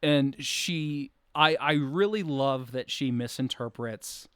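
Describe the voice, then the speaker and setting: A man co-hosting a podcast in casual chat, retelling scenes in a relaxed way. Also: mid-range voice, slow pace, clear, resonant tone, dry recording, studio quality. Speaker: podcast co-host.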